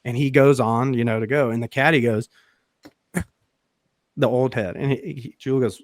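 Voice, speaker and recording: A man hosting a podcast, telling a story in a loose, animated way, swearing freely and laughing mid-sentence. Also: medium pitch, normal speed, dry recording, studio quality. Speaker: podcast host. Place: podcast studio.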